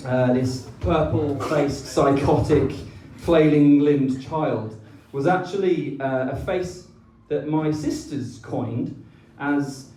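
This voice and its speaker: Man, wedding speech, teasing delivery with ums, slightly high voice, echoey room, distant mic. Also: warm tone, slight background noise. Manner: teasing, with many ums and pauses. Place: wedding reception hall.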